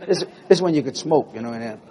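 A middle-aged male preacher telling a story in a sermon in a church, animated and breaking into loud exclamations. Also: medium pitch, fast talker, in a large hall, slight background noise. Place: church building.

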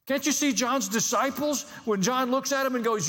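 A man's voice: very high voice, fast, hardly any pauses, fairly bright tone, in a large hall. A man preaching a sermon as pastor, conversational with dry humor and building emphasis.

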